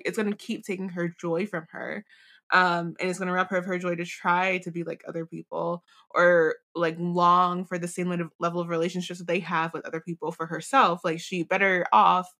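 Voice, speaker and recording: Woman podcast co-host, lower register, rambling and reflective book chat. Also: level tone, moderate pace, sharp tone. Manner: rambling, many fillers and restarts. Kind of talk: casual book discussion.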